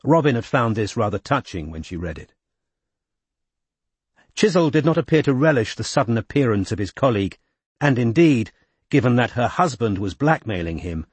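A man reading a novel aloud in even, measured scripted narration. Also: lowish voice, breathy edge, dry recording. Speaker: audiobook narrator.

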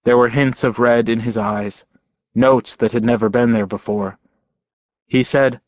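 A man narrating a novel in first person, quiet, measured and intimate. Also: mid-range voice, steady tone, no room sound. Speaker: audiobook narrator. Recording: dull, dry lo-fi recording.

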